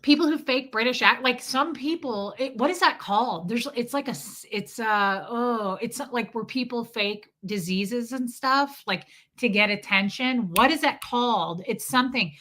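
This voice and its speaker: A woman's voice: on the high side, moderate pace, few pauses, fairly bright tone. A woman from the US Midwest hosting a casual live stream, chatting sarcastically with viewers. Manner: sarcastic, ranting, throws in mocking impressions.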